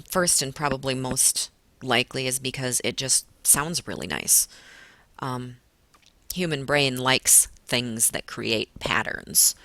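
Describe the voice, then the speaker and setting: A young woman teaching a class, her voice bright and clear. She explains patiently, now and then slowing down to stretch out a word. A classroom lecture style with plenty of "um"s. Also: extremely low pitch, no echo. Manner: patient explaining, stretches words to show stress.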